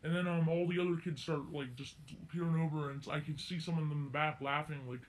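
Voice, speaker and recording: Speaking briskly with fairly even intonation and a fairly high pitch, this teenage vlogger tells a casual story-time tale. He rambles, loops back, and corrects himself along the way.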